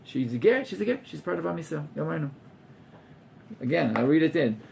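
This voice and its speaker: A man's voice: fairly high pitch, big pitch swings, brisk, creaky, darkish tone, a little hiss or hum. A man, a rabbi teaching an informal class to students, talking animatedly and acting out scenes with gasps while mixing in Hebrew terms.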